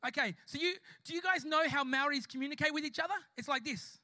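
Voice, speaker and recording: High, bright-voiced preacher man. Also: quick pace, no room sound. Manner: impassioned, addresses the congregation directly. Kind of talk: live church sermon with storytelling. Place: church service before a congregation.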